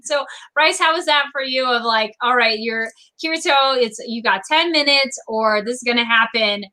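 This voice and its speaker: A woman hosting a casual anime discussion, animated and acting out characters' lines as she talks. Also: a little high, normal speed, few pauses, rough recording. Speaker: host.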